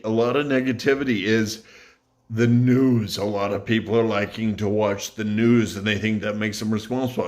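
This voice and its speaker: A man talking to camera in an earnest, reflective way, pausing and correcting himself as he goes. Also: medium pitch. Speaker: YouTube vlogger. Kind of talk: casual talk to camera.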